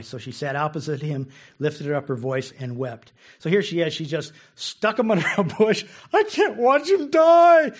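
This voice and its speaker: A man preaching a casual, conversational sermon who laughs often and repeats words as he goes. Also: fairly high pitch. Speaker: pastor.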